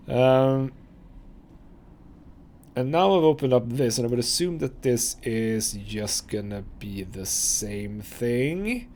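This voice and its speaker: A man's voice: mid-range voice, lively intonation, a little slow, darkish tone, slight background noise. A man hosting a let's play, chatting casually and reading game text aloud into a desk microphone.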